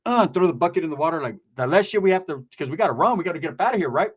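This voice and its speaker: Animated, profane man telling a wild story. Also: a little high, racing, husky. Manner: animated, profane, street slang, sound effects. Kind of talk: casual storytelling chat.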